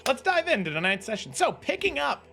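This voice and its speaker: A man's voice: extremely high pitch, sing-song, brisk, creaky, sharp tone, faint music behind. A man hosting a tabletop game stream as game master, teasing and laughing in casual banter.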